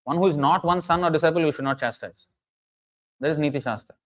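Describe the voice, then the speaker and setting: A man's voice: on the high side, fast, low-quality recording. A man giving an earnest, emphatic sermon, often restarting phrases and chanting Sanskrit verses. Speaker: preacher. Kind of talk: sermon lecture.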